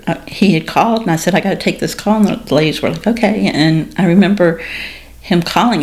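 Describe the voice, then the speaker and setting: Low-voiced woman telling her story frankly. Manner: dark humor, acts out quoted exchanges with lively pitch jumps. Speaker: guest sharing her story. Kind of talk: candid conversational storytelling.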